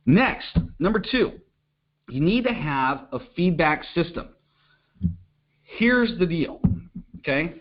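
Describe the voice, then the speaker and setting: Energetic middle-aged male business coach, slightly high voice, dull lo-fi audio, keeps checking in with the audience. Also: slow pace, long pauses. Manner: energetic, repeats "okay?" to check in, acts out little phone calls. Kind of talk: coaching talk to an online audience.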